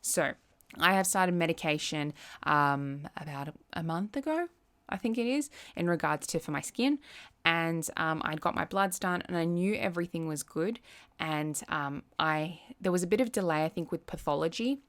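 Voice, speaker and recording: A young woman vlogger talking casually to the camera, chatty and quick to act out little quoted asides. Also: low voice, expressive, a bit bright. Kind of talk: casual chat.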